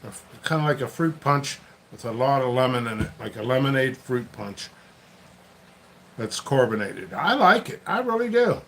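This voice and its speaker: In this casual solo vlog, a channel host who sells pepper seeds rambles to himself while working in his basement. He speaks at a normal speed and medium pitch, with big pitch swings and a fairly bright tone, over slight background noise.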